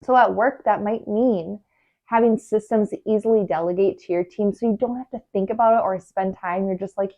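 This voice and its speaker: A woman's voice: medium pitch, fairly quick, dark tone, dull audio. A woman hosting a podcast, giving casual advice in a chatty way full of fillers and acted inner voices. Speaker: podcast host, organizing coach.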